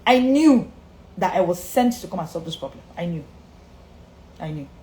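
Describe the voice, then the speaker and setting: A woman's voice: lowish voice, lively intonation, moderate pace, dark tone. A woman confidence coach giving an emphatic live-streamed motivational talk, repeating her key lines and greeting viewers by name. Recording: echoey room with faint ambience.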